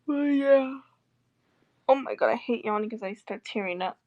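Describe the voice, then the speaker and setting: Young woman venting on her vlog, kinda high voice, swears a lot, dry close sound. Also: moderate pace, darkish tone, no echo, highs cut off. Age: young adult. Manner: swearing, rambling, with sarcastic asides. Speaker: vlogger. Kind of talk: casual chat.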